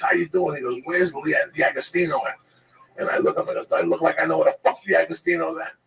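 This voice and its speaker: Gravelly, profane man telling a wild story. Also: on the high side, distant mic, low-quality recording. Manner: profane, rapid, acts out the voices. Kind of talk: animated storytelling on a podcast.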